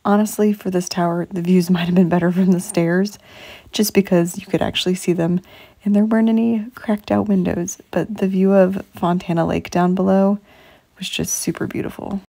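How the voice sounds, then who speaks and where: A woman's voice: on the low side, level tone, normal speed, gravelly, mellow. A woman from North Carolina narrating her hiking vlog in a reflective, fond voice-over. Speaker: vlogger narrating a hike.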